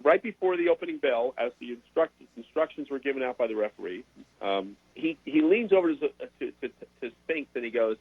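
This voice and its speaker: Husky older broadcaster telling stories. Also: male voice, medium pitch, brisk, no echo. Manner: animated anecdote telling with repeated words. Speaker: guest sports broadcaster. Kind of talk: casual interview storytelling. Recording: dry, tinny phone-like sound.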